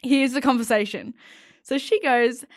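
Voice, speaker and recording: A young woman co-hosting a podcast, reading listener stories aloud in a giggly, animated way. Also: high-pitched, normal speed, no room sound, studio quality. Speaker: podcast co-host.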